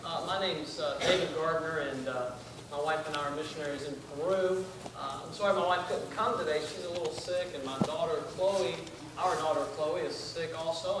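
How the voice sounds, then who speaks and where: A young man, preaching as a visiting missionary in a folksy, self-deprecating way, with many fillers and restarts. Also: a little high. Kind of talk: sermon with casual asides. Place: church sanctuary. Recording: echoey church from far off, noisy.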